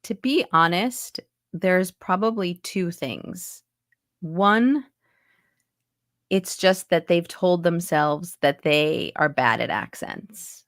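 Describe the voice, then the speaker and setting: A woman's voice: fairly low pitch, animated, takes it slowly, dry recording. Chatty woman voice coach, dry sound. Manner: chatty, explains with lots of asides. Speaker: accent and dialect coach, voice actor. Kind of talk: casual interview chat. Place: home recording booth.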